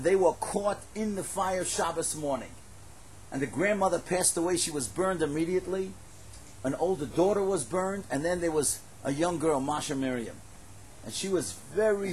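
A man telling a religious story in sermon style, animated and emphatic, rising to exclamations. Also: fairly high pitch, slight background noise, rough recording.

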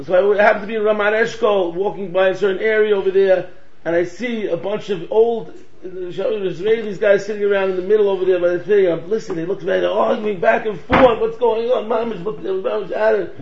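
A man giving a Torah lecture in American English laced with Yiddish and Hebrew words, telling stories in an animated way and acting out the voices in them. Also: high voice, a little fast, slight background noise. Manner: animated storytelling, acts out quoted voices. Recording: echoey room, dull lo-fi sound.

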